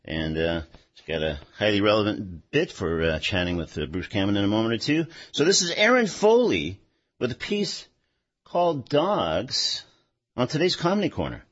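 Brief: male radio host, low voice, lively intonation, faint music behind, slightly dull sound. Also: normal speed. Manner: relaxed, filler-heavy, lively intonation. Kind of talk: radio show hosting. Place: radio studio. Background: faint instrumental music.

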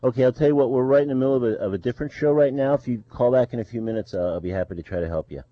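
A man hosting a college radio show, speaking in a casual, halting way with many fillers. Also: medium pitch, muffled recording.

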